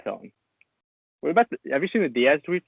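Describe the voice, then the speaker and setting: A man co-hosting a casual sports podcast, excitable and laughing often as he reads posts aloud. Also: fairly high pitch, fast, vocal fry, breathy edge, dry recording. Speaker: podcast co-host. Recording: dry, tinny phone-like sound.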